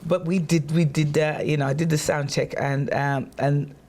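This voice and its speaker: A woman recounts her life in a relaxed interview. She tells her stories in a lively, chatty way, stumbling over restarts and fillers. When she quotes people, her voice jumps up in pitch. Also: moderate pace. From England. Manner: animated, acts out quotes in a raised voice. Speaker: guest singer. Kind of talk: casual storytelling interview.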